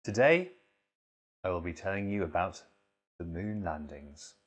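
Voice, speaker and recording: A man hosting a mock reading and lecture, delivering it deadpan with sudden swearing asides. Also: low-pitched, measured pace. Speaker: host reading aloud.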